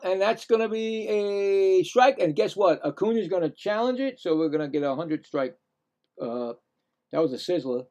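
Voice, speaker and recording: A middle-aged man with a gravelly, slightly raised voice calls a baseball game live as a casual play-by-play streamer. He rambles, corrects himself and drifts into chatty asides between pitches.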